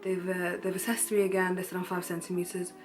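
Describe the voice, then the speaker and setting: A young woman, candidly retelling a personal story in a casual vlog, animated and full of fillers. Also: lowish voice, fast talker, music in the background. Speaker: vlogger.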